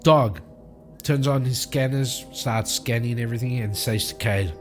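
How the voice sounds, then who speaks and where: A man narrating his solo tabletop game, telling the story in a lively way and acting out scenes. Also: medium pitch, unhurried, over music.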